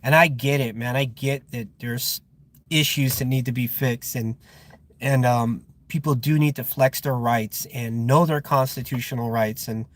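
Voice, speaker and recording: A man's voice: mid-range voice, steady tone, unhurried. Irritated rambling security guard man. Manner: rambling, irritated, with frequent fillers and restarts. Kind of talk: casual live-stream chat. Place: outdoors at a guarded facility.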